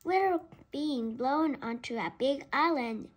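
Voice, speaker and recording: A woman's voice: high-pitched, animated, takes it slowly. A woman reading aloud the lines of an eager young boy sailor who is searching for his father. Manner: eager, calling out.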